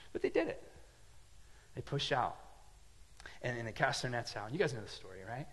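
A man preaching a sermon, telling a story with lively swings from quiet asides to loud emphatic lines. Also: medium pitch, normal speed, slightly rough, big-room sound. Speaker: pastor.

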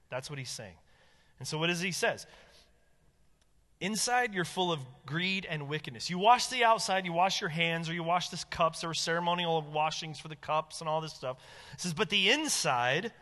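A male pastor preaching with a bright, ringing tone that carries through a church sanctuary. His delivery is animated and emphatic, rising high and then sinking low and quiet for stress. A long reverb trails his words. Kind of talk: sermon.

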